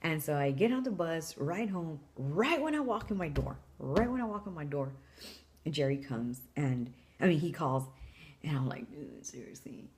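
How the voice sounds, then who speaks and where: A woman telling a personal story in a chatty, animated way, full of fillers, acting out both sides of a phone call. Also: deep voice, normal speed.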